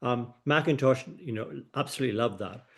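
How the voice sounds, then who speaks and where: A man's voice: medium pitch, brisk. A man taking part in a forum Q&A, speaking firmly and emphatically to correct a point. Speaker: forum participant, architecture expert. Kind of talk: Q&A discussion.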